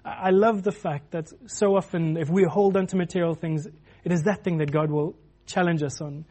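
A man's voice: fairly high pitch, steady tone, normal speed, warm tone. A man preaching a sermon in a loose, conversational way, with many restarts and filler words.

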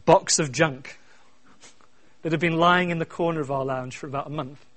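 A middle-aged man preaching a sermon, swinging from quiet asides to loud, repeated refrains. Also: a little high, moderate pace. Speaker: pastor.

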